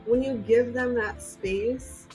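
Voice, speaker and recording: Woman host, casual chat, brisk animated storytelling, faint music behind. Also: on the high side, rough recording. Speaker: podcast host and mother.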